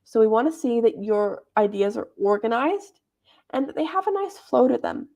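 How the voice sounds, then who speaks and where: A woman's voice: a little high, big pitch swings, normal speed, darkish tone. A young woman leading a debate club workshop, explaining in a chatty, informal teaching manner. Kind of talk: explaining debate judging criteria.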